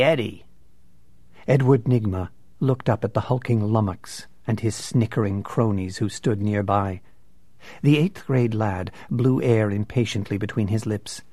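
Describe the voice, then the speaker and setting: A man narrating an audiobook in a measured, unhurried way. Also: lowish voice, dark tone, no echo.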